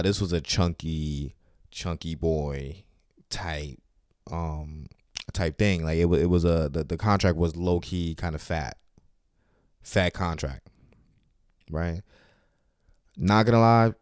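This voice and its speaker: Smooth and low, a New York stand-up's voice carries loose, profane anecdotes about his week, packed with slang, on his solo podcast. The recording is dry and studio quality.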